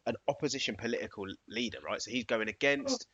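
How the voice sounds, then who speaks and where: A man's voice: medium pitch, fast talker, sharp tone, slightly rough. A man co-hosting a podcast in casual comedic banter, rambling through stories and chuckling often. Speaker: podcast co-host. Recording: dry, muffled lo-fi recording.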